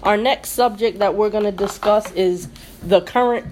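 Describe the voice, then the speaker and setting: A woman's voice: medium pitch, normal speed, a little mellow, slight background noise. A woman hosting a casual podcast discussion, asking questions and arguing her points in a conversational way. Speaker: podcast host.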